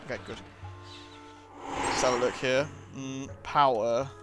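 A man's voice: medium pitch, fairly even intonation, unhurried, over music. A man giving casual, cheeky gameplay commentary, full of self-mocking asides. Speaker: let's play commentator.

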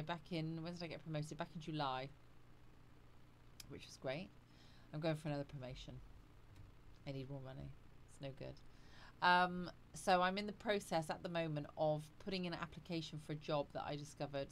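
A woman with a slightly low voice, chatting breezily on a casual livestream. She greets viewers by name and laughs easily. A faint hum of noise sits behind her voice. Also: a bit bright. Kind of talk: casual live chat reading out viewer comments.

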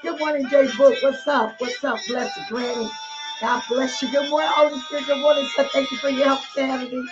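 A woman bishop warmly greeting her online congregation by name, exuberant and laughing often. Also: high-pitched, steady tone, fairly quick. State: teary and emotional. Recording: dull lo-fi audio with music behind.

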